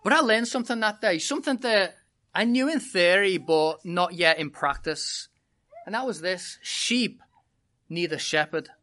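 A preacher with a British accent, opening a sermon with a humorous, animated personal story before teaching the congregation. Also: mid-range voice, measured pace. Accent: British English. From Britain.

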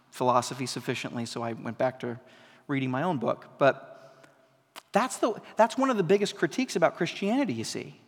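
A man's voice: mid-range voice, vocal fry. Man preaching in an echoing hall. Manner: conversational preaching, rising to loud emphatic peaks; asks the congregation questions. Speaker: pastor. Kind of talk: sermon. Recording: long hall reverb.

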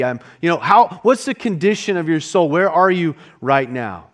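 A man's voice: a little high, lively intonation, moderate pace, few pauses, fairly bright tone. A man preaching a sermon as a pastor, talking in a conversational way and often restarting his words.

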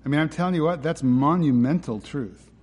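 A man's voice: a little high, brisk, darkish tone, husky. A man preaching a sermon in an emphatic, conversational way, often asking his listeners rhetorical questions. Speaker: pastor. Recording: long hall reverb.

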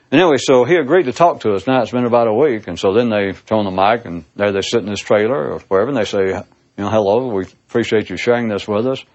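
A man in a casual philosophical monologue, theatrical and sarcastic, heard on a dull lo-fi recording. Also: mid-range voice. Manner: sarcastic, theatrical, swooping emphasis. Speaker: speaker giving a monologue.

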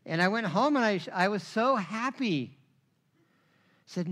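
A middle-aged man preaches from the pulpit with a high, bright voice. He tells his own story with animated energy, acting out the voices of others and checking in with "right?" as he goes. His tone is forceful and vivid throughout. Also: unhurried, pauses often. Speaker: pastor. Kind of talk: sermon with personal testimony.

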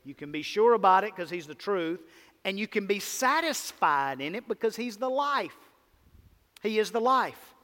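A man's voice: high-pitched, expressive, normal speed, sharp tone, long reverb tail. A man preaching a sermon, with an emphatic, repetitive cadence and rhetorical questions.

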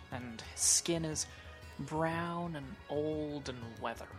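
A woman narrating as game master of a tabletop game, describing scenes at an unhurried pace with small hesitations. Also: low-pitched.

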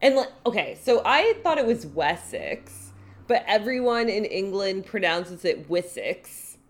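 A woman's voice: mid-range voice, lively intonation, unhurried. A woman co-hosting a podcast, recapping a TV episode in casual chat with a dry, wry manner. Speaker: podcast co-host.

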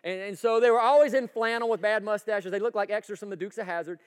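High-voiced pastor, folksy sermon. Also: male voice, fast talker, clear, resonant tone, big-room sound. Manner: folksy, energetic, asks the crowd for agreement. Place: church sanctuary.

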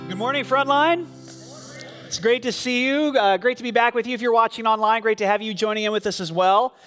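A pastor with a very high, fairly bright voice preaches a sermon to his congregation at a slightly quick pace, speaking conversationally, telling stories and using lots of fillers. Soft music plays underneath, and the church sanctuary gives a long, large-hall reverb.

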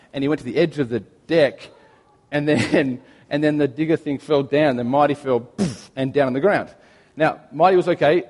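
A man preaching in a warm, conversational way, slipping into homely family stories with light humor. His voice sits a little high for a man, and it rings out with a long hall reverb behind it. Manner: conversational storytelling with gentle humor. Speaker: pastor. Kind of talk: sermon.

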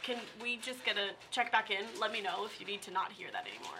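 A woman co-hosting a podcast, making quick teasing quips in casual chat. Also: mid-range voice, big pitch swings, noisy background. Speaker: podcast co-host.

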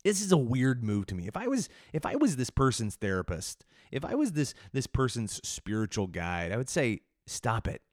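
A man's voice: medium pitch, very animated, moderate pace, hardly any pauses, darkish tone, no room sound, clean studio sound. A man hosting a solo podcast, rambling and self-mocking, with restless restarts and sudden bursts of energy. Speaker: podcast host.

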